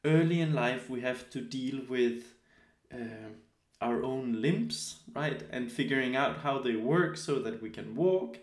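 A man's voice: mid-range voice, unhurried. Man lecturing in an echoey room. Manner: hesitant, many fillers and restarts. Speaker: teacher. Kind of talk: relaxed spoken lecture.

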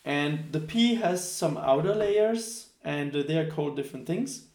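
A man's voice: a little high, lively intonation, a little mellow. Hesitant non-native man leading a workshop. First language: not English. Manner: halting, thinks aloud with many fillers. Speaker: workshop leader. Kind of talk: teaching a group workshop. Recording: echoey room.

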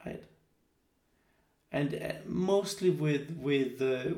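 A man's voice: on the high side, darkish tone. Hesitant non-native man leading a workshop. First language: not English. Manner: halting, thinks aloud with many fillers. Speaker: workshop leader. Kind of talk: teaching a group workshop. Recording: echoey room.

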